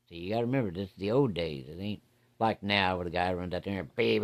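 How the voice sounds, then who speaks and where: A man spinning a folksy yarn in an easy, unscripted way. His voice sits a touch low, and his talk is salty and blunt, with plenty of cussing. He keeps the story rolling along casually. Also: fast, vocal fry. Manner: folksy, salty, uses profanity.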